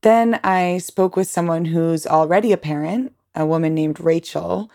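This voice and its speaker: A woman's voice: lowish voice, normal speed, dark tone. A woman podcast host in casual chat, talking in a chatty way with many fillers and frequent laughs.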